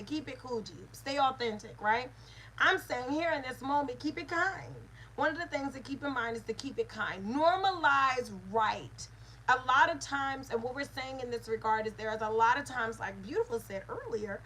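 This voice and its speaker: A woman's voice: a little high, a bit bright, slight background noise, poor audio. A woman, a mother and spiritual teacher, giving an earnest lesson with repeated phrases and call-and-response. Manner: earnest, repetitive teaching cadence.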